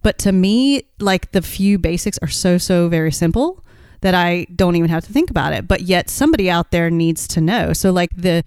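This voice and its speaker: A woman's voice: fairly low pitch, animated, moderate pace, a little mellow, clean tone, no echo, clean studio sound. A woman co-hosting a podcast in casual chat, encouraging and coaching her co-host. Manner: encouraging, coaching tone, pushes the other to act.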